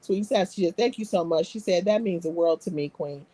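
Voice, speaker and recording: A woman's voice: on the low side, a little fast, dark tone, dry recording. A woman hosting a live stream, reading viewer comments aloud and bantering in a brash, profane, streetwise way. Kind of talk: casual live-stream chat.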